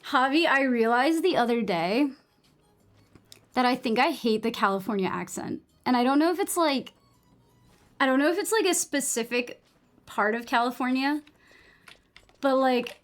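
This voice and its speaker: A woman's voice: sits high, expressive, normal speed, long pauses, faint music behind. A young woman with a New England accent chatting casually while gaming on a live stream, rambling, saying "like" a lot and swearing freely.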